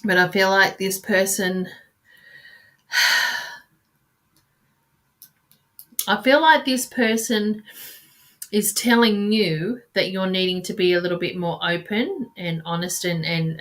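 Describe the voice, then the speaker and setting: A woman's voice: fairly low pitch, a bit bright. Sighing, hesitant woman card reader. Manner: halting, searching, with frequent sighs and restarts; calls listeners sweetheart and darling. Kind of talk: live card reading.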